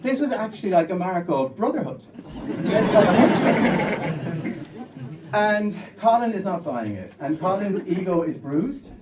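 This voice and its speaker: A young Irish man with a Kerry accent tells a true comic story on stage in a lively, animated way. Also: high-pitched, normal speed, few pauses, recorded from a distance, heavy background noise. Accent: Irish, County Kerry. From Ireland. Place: storytelling stage before an audience.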